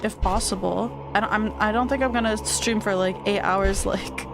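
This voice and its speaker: A woman's voice: mid-range voice, fairly even intonation, moderate pace, vocal fry. A woman streaming a game, chatting loosely with lots of fillers and reading the game's text aloud. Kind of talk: casual gaming stream chat. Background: game music.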